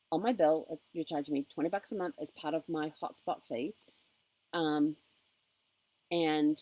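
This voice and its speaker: A woman vlogging from a campground, telling a long story about a phone call and acting out both sides of the conversation. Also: fairly low pitch. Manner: animated retelling with quoted dialogue. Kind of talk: casual storytelling vlog.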